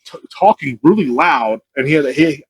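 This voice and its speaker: A young male podcast host rambles through profane anecdotes in casual chat, talking quickly, laughing, and swearing freely. His voice is fairly high and expressive.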